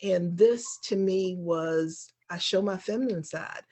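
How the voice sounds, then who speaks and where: A woman's voice: on the low side, slow, mellow. Woman on a video call talking about her workshop, hesitant, lots of ums. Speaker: workshop participant. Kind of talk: casual sharing.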